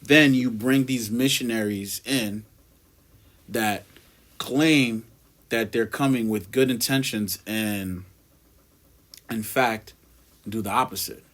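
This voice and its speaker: Low-voiced young man explaining on a podcast. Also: slow, long pauses, fairly bright tone. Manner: earnest, explains step by step with figures. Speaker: podcast co-host. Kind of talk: casual podcast chat.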